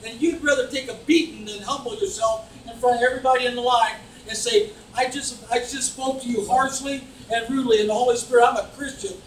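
A man preaching a fervent sermon as pastor, building to shouts and mocking voices. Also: extremely high pitch, fairly even intonation, quick pace, hardly any pauses. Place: church. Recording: echoey church from far off, faint noise. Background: congregation calling back.

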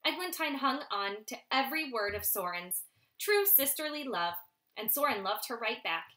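A woman reading a children's novel aloud in steady storytelling narration. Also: fairly high pitch, moderate pace. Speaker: audiobook reader. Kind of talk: scripted audiobook narration.

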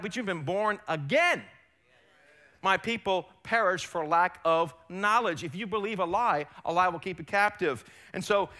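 A man's voice: sits high, bright, forceful tone. A man preaching a sermon as pastor in a church, emphatic and rising and falling in force. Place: church sanctuary.

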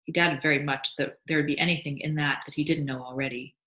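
A woman teacher reading a short story aloud to a class, animated, with small restarts and asides. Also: deep voice, fast, dull audio. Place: classroom or school library.

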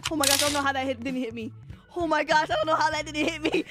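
A woman's voice: sits high, expressive, brisk, over loud music. A woman streaming a game live, talking casually to her chat and often shrieking and laughing. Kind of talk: live gaming commentary.

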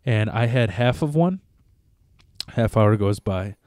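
A man tells a long, profane story in loose podcast chat. His voice is dark and mellow, and it sits dry and close with no room sound. He keeps stopping and restarting his sentences. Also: fairly low pitch, lively intonation, slow, no room sound. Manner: rambling, profane, self-interrupting. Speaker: podcast co-host.

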